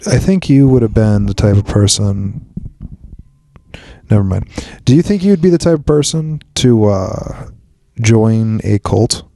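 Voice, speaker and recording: A man's voice: on the low side, expressive, a little slow, creaky, warm tone, a little hiss or hum. A young man co-hosting a podcast, chatting casually with rambling, jokey explanations. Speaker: podcast co-host. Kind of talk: casual chat.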